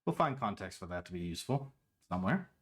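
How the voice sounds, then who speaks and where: A man's voice: low-pitched, fast talker, loud music behind the voice. A man streaming from home, chatting casually and playfully with his viewers. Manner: playful, animated, quotes lines in different voices. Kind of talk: casual chat.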